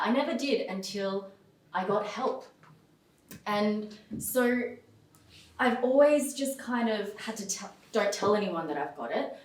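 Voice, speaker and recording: A woman's voice: mid-range voice, natural voice. A woman playing a frank, swearing young confessor on stage. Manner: frank, swearing, self-mocking humour. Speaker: actor in a verbatim stage play. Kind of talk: theatrical confessional monologue. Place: theatre stage. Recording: roomy stage sound from far off.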